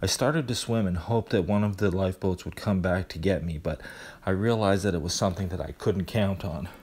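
A deep-voiced man tells a first-person horror story. His narration is relaxed and conversational, with small restarts. The voice sits very low. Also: a little fast, slightly rough.

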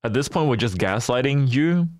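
A man's voice: medium pitch, lively intonation, normal speed, darkish tone, dry recording, clean studio sound. A man chatting casually with his viewers as a livestreamer, playful and teasing, often laughing.

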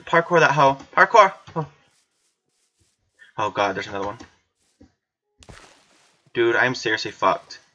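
A woman's voice: rumbling low, very animated, a little slow, pauses often, sharp tone. A woman doing let's play commentary, chatty with herself and screaming and swearing whenever she gets startled. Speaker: gamer. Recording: slightly dull lo-fi recording.

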